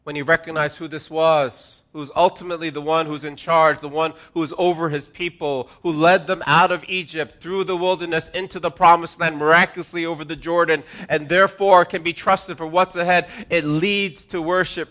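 A man preaching a sermon as pastor, with an earnest delivery that swings between hushed and emphatic. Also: fairly high pitch, normal speed, few pauses.

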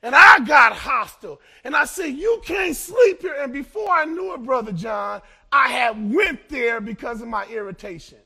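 A man pastor from Los Angeles, in his fifties, preaches with a strikingly high voice roughened by gravel and a bright, forceful edge. He swings between fervent shouted peaks and quiet, hushed asides. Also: normal speed, few pauses. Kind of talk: sermon.

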